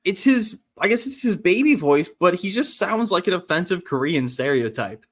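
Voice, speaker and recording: A man's voice: sits high, big pitch swings, normal speed. A man speaking as a guest in a casual podcast chat, opinionated and matter-of-fact.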